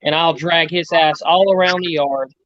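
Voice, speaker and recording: A man's voice: a little high, steady tone, moderate pace, a bit bright, no echo. A man who is a guest wrestler and champion, cutting a boastful, rambling promo full of trash talk. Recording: dull lo-fi sound.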